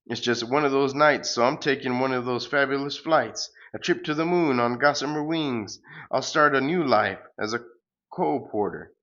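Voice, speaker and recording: A man voicing a goofy, boastful male space surfer hero who talks in an excitable, mock-heroic way. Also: mid-range voice, moderate pace, muffled recording, pitched above the performer's own voice, lightly acted.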